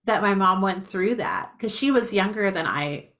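A woman's voice: medium pitch, expressive, normal speed, fairly bright tone. Reflective woman podcast host in her thirties. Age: 30s. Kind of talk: conversational podcast chat.

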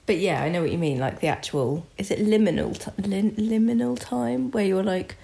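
A woman's voice: medium pitch, normal speed, vocal fry, mellow. A woman in her thirties chatting frankly and casually, with a self-deprecating streak. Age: 30s. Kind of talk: casual conversation.

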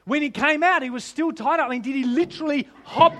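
A man preaching a sermon, animated and humorous, often laughing and piling up rhetorical questions. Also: very high-pitched, quick pace.

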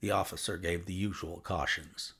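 A man narrating a classic story in a measured, expressive way. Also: sits low, husky. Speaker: audiobook narrator.

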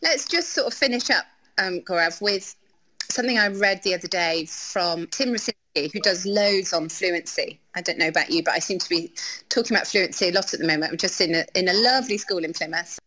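A woman's voice: on the low side, brisk, bright, forceful tone, low-quality recording. A woman hosting an education podcast, chatty and enthusiastic, often ending points with tag questions. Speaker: podcast host. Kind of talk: conversational podcast interview.

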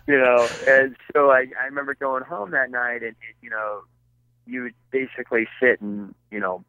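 Guesting on a podcast from his basement, this middle-aged Michigan archery filmmaker rambles through hunting stories, full of fillers and false starts. He has a mid-range, fairly bright voice, and the tinny, phone-like audio has no room sound.

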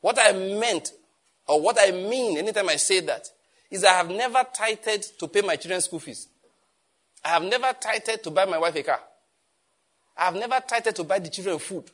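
A man preaching a sermon as pastor, animated and emphatic, often firing rhetorical questions. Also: high voice.

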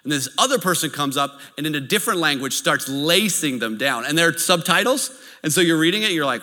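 A man preaching a sermon in an animated, storytelling way, with occasional laughs. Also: a little high, normal speed. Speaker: pastor. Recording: reverberant hall.

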